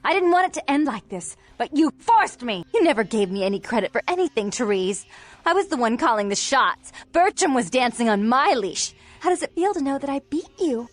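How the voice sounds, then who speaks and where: Feuding vampire sisters, game voice, scornful, swoops all over. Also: female voice, high-pitched, big pitch swings, brisk. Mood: spiteful. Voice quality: contemptuous, dramatic. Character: two feuding vampire sisters, bitter and theatrical. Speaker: video game character. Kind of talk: video game voice acting.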